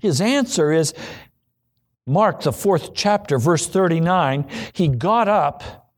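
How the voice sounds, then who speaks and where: A man preaching a sermon, acting out pleading prayers and quoted voices, then dropping low for repeated refrains. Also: expressive, slow pace.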